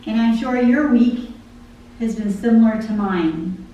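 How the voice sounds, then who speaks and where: A woman's voice: fairly high pitch, unhurried, dark tone, dull audio. A woman giving a conversational devotional talk, chatting about her busy week and listing chore after chore. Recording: very echoey room from far off, faint hum.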